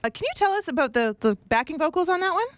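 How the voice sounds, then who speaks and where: A woman hosting a radio studio interview, asking questions in a quick, upbeat way. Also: extremely high pitch, sing-song, no echo. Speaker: radio host.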